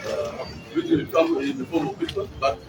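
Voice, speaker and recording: A man's voice: mid-range voice, expressive, normal speed, over music. A man with a Ugandan English accent, speaking as a candidate at a press conference and recounting exchanges. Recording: distant mic, noisy outdoor ambience.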